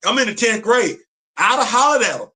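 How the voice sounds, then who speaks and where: Fired-up man with a high bright voice. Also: big pitch swings, a little fast. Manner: emphatic, repetitive, street slang and rhetorical questions. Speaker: host. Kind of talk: impassioned commentary. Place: home studio on a live stream.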